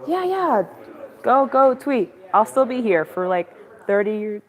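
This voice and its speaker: A woman's voice: medium pitch, measured pace. A woman livestreaming on her phone from a campaign office, chatting casually and rambling with lots of fillers. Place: busy campaign office indoors. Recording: crowd chatter behind.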